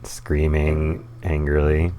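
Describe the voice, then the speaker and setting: Male streamer, very deep and slow, sarcastic reactions. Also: monotone, crowd noise. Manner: sarcastic, wry. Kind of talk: casual live commentary.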